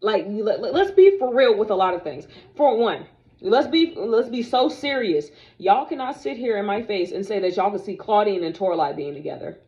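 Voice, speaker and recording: A woman's voice: mid-range voice, normal speed, highs cut off. Sassy young woman ranting to camera. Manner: animated, sassy, talks straight to viewers. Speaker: vlogger reviewing dolls. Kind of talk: casual opinionated chat to camera.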